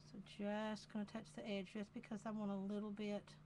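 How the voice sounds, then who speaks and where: A woman with a Southern accent demonstrating a craft project live, talking in an unhurried, chatty way and repeating phrases as she works. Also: mid-range voice, completely flat delivery, dark tone, slight background noise.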